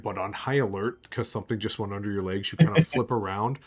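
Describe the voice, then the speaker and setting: A man's voice: fairly low pitch, normal speed, hardly any pauses, faint music behind. A man narrating as game master of a tabletop game, loose and full of fillers, chuckling often.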